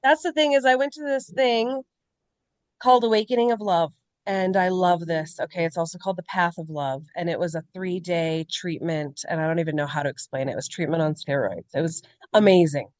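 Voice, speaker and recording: A woman's voice: lowish voice, brisk, no room sound. A woman co-hosting a podcast, talking candidly and in a rambling way about personal struggles in casual chat. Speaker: podcast co-host.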